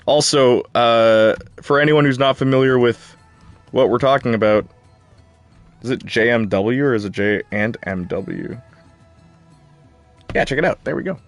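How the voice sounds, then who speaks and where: A man's voice: medium pitch, a little slow, long pauses, soft background music. A young man hosting a live game stream, chatting casually and answering viewer comments. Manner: chatty, jumpy, talks back to chat.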